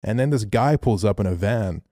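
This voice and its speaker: A man co-hosting a podcast, telling a story in a casual, animated way, swearing freely. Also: on the low side, normal speed, no echo, clean studio sound. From Australia. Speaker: podcast co-host.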